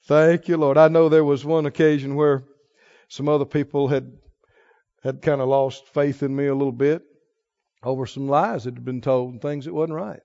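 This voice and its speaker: A middle-aged male pastor preaching a sermon, moving between quiet emotional storytelling and forceful exhortation. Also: fairly high pitch, steady tone, normal speed, dry recording, lo-fi sound.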